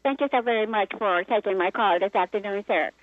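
A woman's voice: mid-range voice, fairly quick, no room sound. A woman with an Asian accent calling in to a radio show, polite, earnest and emphatic. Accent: Asian-sounding. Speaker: caller. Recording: tinny phone line.

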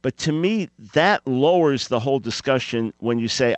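Radio guest guy, earnest, calm but pushing his point, dry sound. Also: mid-range voice, no echo. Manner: earnest, measured and insistent. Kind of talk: debate on a radio show.

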